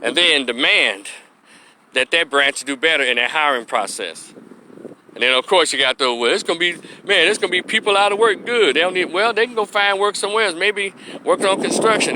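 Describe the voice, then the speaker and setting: A man's voice: on the high side, noisy background. A man from gives blunt, preachy opinion commentary, folksy and salty-mouthed. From Memphis, Tennessee, US. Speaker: opinion vlogger, social worker.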